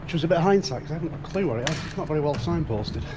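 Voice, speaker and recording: A man's voice: on the high side, animated, racing. Vlogger: British man, upbeat and chatty, filming on the street with city noise around. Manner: chatty, self-mocking asides. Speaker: travel vlogger. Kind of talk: casual walking vlog.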